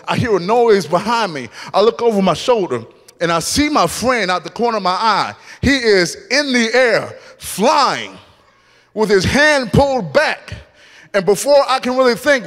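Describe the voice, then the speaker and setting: Man, high voice, animated storytelling sermon, church hall with long reverb. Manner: animated storytelling, acting out scenes. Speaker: guest speaker. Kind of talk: testimony sermon.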